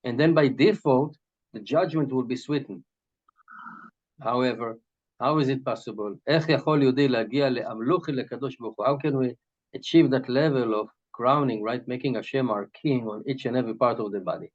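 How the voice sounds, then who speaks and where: A man's voice: mid-range voice, quick pace. A man teaching from a Hasidic text. He explains Hebrew terms in English and keeps asking "right?" as he goes. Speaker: Torah teacher. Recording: dull lo-fi recording.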